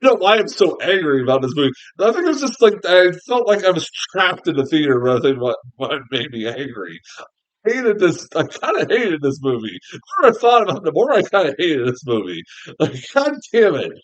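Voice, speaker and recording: A man's voice: fairly high pitch, very animated, fairly quick, dull audio. A man giving a casual, exasperated film review, swearing often and laughing between complaints.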